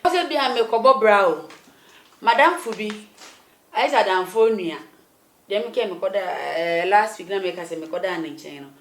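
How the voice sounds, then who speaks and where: A woman telling her story in a conversational interview, animated and laughing often. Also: mid-range voice, normal speed, roomy sound.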